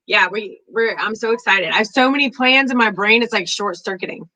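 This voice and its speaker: A woman co-hosting a live psychic show, excitable and affectionate, calling people darling. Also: mid-range voice, a little fast, low-quality recording. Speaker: psychic co-host. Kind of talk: casual live-stream chat. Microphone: video call.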